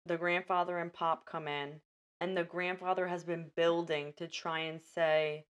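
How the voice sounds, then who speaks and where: A woman's voice: lowish voice, moderate pace. A woman chatting casually as a podcast host, retelling a film scene by scene and acting out the characters' lines. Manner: animated storyteller, acts out lines. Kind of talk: casual chat recapping a film.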